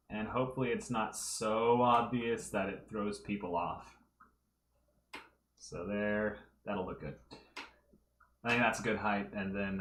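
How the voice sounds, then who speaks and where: Working in a room at home, a fan artist livestreams while he draws, casually talking through each step and thinking out loud. His voice sits on the low side with a fairly bright tone, and the recording is reverberant with slight background noise.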